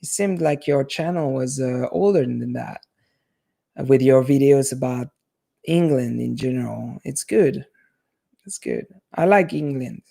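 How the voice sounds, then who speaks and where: A man with a French accent talks loosely to his live-stream viewers, wandering from thought to thought. His voice is gravelly with some fry and sits at a middle pitch. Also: a little slow, dark tone. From half Italian. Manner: rambling, chatty, restarts often.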